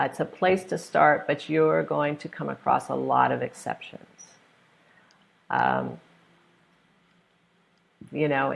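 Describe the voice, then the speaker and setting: An American woman teaching an online English pronunciation lesson, patiently repeating example words with clear emphasis. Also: sits low.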